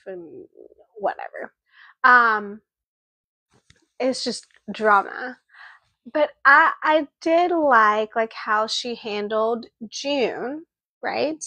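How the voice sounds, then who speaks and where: A woman with a high voice co-hosts a book club, talking through the plot in a casual, animated way. She speaks slowly and deliberately. The sound is dry and close, with no room echo. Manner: animated retelling, acting out character lines.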